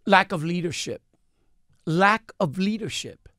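A man's voice: sits high, measured pace, no echo. A man, a business owner, giving an impassioned, emphatic interview into a studio microphone. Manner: emphatic, grows heated and forceful. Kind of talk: impassioned radio interview talk. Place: radio studio. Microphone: studio mic.

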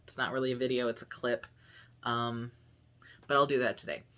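A man's voice: mid-range voice, little pitch movement, fairly quick, pushed and bright. A young man chatting casually to camera at home for his vlog, upbeat and rambling, with lots of fillers. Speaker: vlogger. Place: home room.

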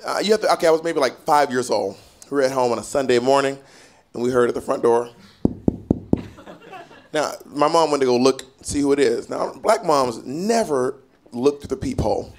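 A man performing a stand-up comedy set, animated and sassy, with lots of profanity. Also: mid-range voice, moderate pace. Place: comedy stage before a live audience. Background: faint audience laughter.

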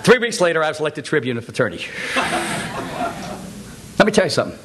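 A man preaching a sermon, telling stories with laughter and shouting exhortations to the congregation. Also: high-pitched, big pitch swings, brisk, long pauses, background noise.

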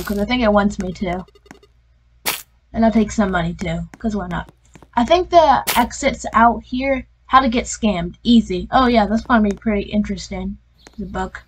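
A woman's voice: mid-range voice, moderate pace, a little hiss or hum, low-quality recording. A young woman giving casual commentary while playing a video game and reading its text aloud. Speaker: gaming channel host.

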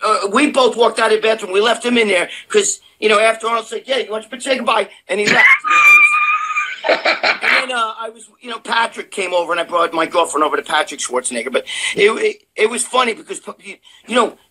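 An older man co-hosting a live show from his sister's house, telling loud, profane stories in casual chat. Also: high voice, fast talker, background noise. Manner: loud, profane, animated storyteller. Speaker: co-host of a bodybuilding live show.

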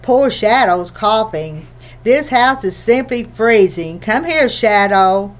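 A woman's voice: mid-range voice, animated, slow. A woman voicing a stern, impatient, witch-like older woman with a curt, clipped manner in an audiobook reading.

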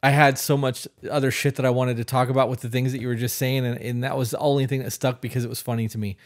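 A man's voice: medium pitch, level tone, fast talker. Male co-host, laid-back explainer, casual swearing, mid-range voice. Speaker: podcast co-host. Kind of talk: casual chat.

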